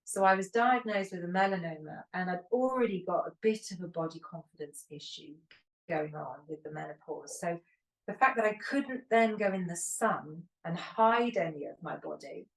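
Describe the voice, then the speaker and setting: A woman's voice: on the low side, moderate pace. A woman in her fifties co-hosting a podcast, chatting candidly and telling long rambling stories. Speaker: podcast co-host. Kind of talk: casual chat. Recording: roomy echo, distant from the mic.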